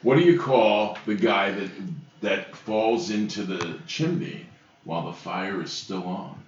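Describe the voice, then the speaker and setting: A man's voice: on the low side, a little slow. A man co-hosting a casual podcast, laughing often and reading a joke story aloud with hammy voices. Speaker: podcast co-host. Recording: distant, roomy, dull lo-fi sound with faint hiss.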